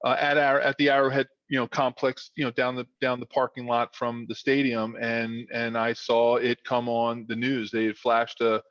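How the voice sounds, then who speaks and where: A man in his fifties recounts old football days in a casual, rambling way, stacking fillers as he goes. His voice sits at a middle pitch. The recording is dry and slightly muffled, like a remote podcast call. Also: moderate pace, few pauses, no room sound. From South Philadelphia. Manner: rambling, animated with many fillers. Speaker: podcast guest, former football player. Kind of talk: casual storytelling.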